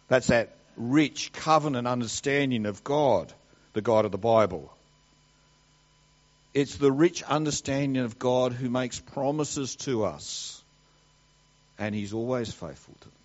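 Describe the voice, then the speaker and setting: A male preacher delivering a sermon at an unhurried, deliberate pace. He swings from ringing declarations down to hushed asides. The recording is dull and a little lo-fi. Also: mid-range voice. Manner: emphatic, swings between loud declarations and quiet asides.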